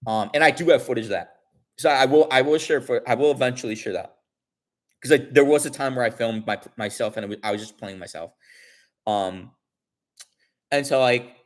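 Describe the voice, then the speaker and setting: A man vlogger telling a story in casual chat, rambling with many restarts and fillers, and swearing when upset. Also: mid-range voice.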